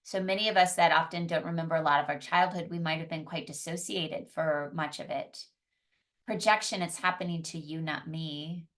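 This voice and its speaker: Female psychologist and yoga teacher, earnest conversational teacher, lowish voice, slightly distant mic. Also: brisk. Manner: earnest, conversational, often restarts and repeats phrases. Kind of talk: teaching talk on emotional healing.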